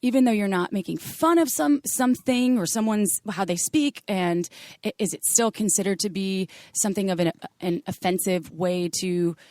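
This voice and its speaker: A woman co-hosting a podcast in a loose, chatty way, her voice in the middle of the usual range. She tells lively stories and jokes her way through them. The recording is close and dry, with no room sound. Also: medium pitch, moderate pace, hardly any pauses, no echo. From Wisconsin. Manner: chatty, animated storyteller who jokes about doing accents. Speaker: podcast co-host. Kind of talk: casual chat.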